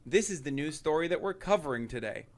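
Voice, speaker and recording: A man's voice: on the high side, expressive, fast. A man streaming live, talking loosely with profanity and laughs. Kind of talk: casual live-stream chat.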